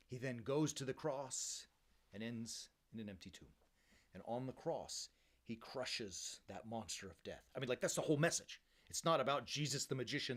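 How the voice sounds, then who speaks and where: Male priest, sermon, energetic, conversational, slangy, middle pitch. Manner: energetic and conversational, keeps checking in with "right?"; uses casual slang like "bro" and "baby".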